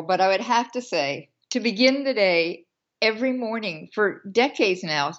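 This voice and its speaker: Woman in her seventies, interview guest, witty, laughs easily, slightly dull lo-fi sound. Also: medium pitch. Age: 70s. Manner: warm, witty, laughs often. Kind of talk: casual interview chat.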